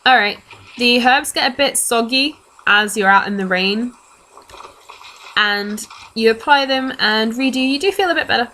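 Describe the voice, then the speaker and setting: A woman's voice: fairly high pitch, moderate pace, pushed and bright, a little hiss or hum, low-quality recording. A woman, narrating casually as the game master of a tabletop game. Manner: casual, chatty, laughs often.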